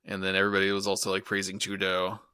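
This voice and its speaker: A man's voice: low voice, monotone, very fast, pushed and bright, clear, resonant tone, dry recording, studio quality. A man co-hosting a casual anime podcast, laid-back and chuckling as he retells the plot. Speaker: podcast co-host. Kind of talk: casual anime recap chat.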